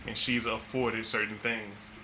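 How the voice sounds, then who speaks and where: Guy on a podcast mic, really bright tone, slow and deliberate, a little noise under it. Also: fairly low pitch, flat delivery, reverberant. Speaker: podcast co-host. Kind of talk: casual podcast chat. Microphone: studio mic.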